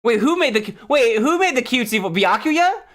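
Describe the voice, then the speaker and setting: A man's voice: extremely high pitch, big pitch swings, a little fast, a bit bright. Playful man reading game dialogue aloud. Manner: playful, joking, reacts with bursts of laughter. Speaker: let's play host.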